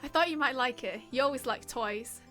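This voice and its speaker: A woman reading the lines of a calm older sister who teases her sibling gently. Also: high-pitched, brisk, faint music behind. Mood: gentle. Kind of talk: reading game dialogue aloud.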